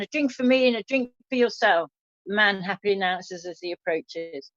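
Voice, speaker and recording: Over dull, dry lo-fi sound with no echo, a woman hosting an online café show speaks at normal speed in a mid-range, slightly bright voice. She chats casually and reads listener jokes aloud, with little slips.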